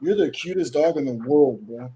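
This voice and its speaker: A man's voice: mid-range voice, lively intonation, moderate pace, warm tone, husky. A man in his thirties hosting a live stream, chatting casually and swearing a lot, calling everyone bro and dude. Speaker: host.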